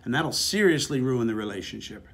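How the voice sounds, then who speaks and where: A middle-aged man giving blunt, crude relationship advice as a casual motivational talk, animated and swearing freely. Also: mid-range voice, fairly quick. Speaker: relationship speaker.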